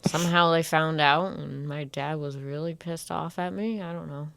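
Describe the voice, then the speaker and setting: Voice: medium pitch, fairly even intonation, moderate pace, vocal fry, fairly bright tone, clean tone. A co-host from western Massachusetts chats casually in a mid-range voice. Replies come short and offhand, often trailing into uncertainty. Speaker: podcast co-host. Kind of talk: casual conversation.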